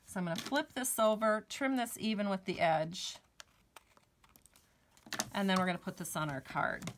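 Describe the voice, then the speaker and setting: A chatty woman walks viewers through a card-making project live from her crafting table. She talks at an ordinary middle pitch and gushes happily over each finished step. A faint hiss sits behind her voice. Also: animated, moderate pace. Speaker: host of a live stamping and card-making show.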